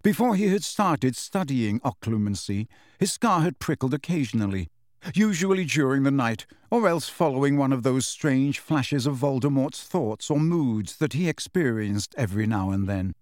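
A male audiobook narrator reads in a measured, storytelling cadence. His pitch sits in a middle range but moves with lively expression. The recording is dry and close, with no room sound. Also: no echo. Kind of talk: scripted narration.

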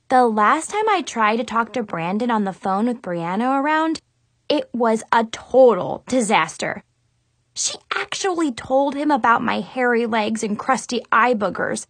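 Expressive woman narrating a kids' diary story. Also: on the high side, measured pace, no echo. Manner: dramatic, exasperated, expressive. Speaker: audiobook narrator. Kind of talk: first-person storybook narration as a teen girl.

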